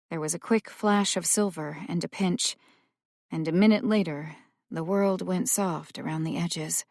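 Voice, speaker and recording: A woman narrating a suspense audiobook in a slow, measured way, drawing out the tension. Her voice sits somewhat low. The recording is close and dry, with no room sound. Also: vocal fry, a little mellow, dry recording. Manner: measured, tense storytelling. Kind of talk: scripted narration.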